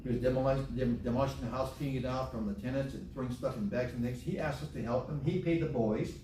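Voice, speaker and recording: The preacher, a man from Hawaii, speaks quickly in a dark-toned, mid-range voice during a church sermon. He keeps a folksy style and leans on repeated phrases for emphasis. Captured from a distance in an echoey sanctuary, the audio has slight background noise.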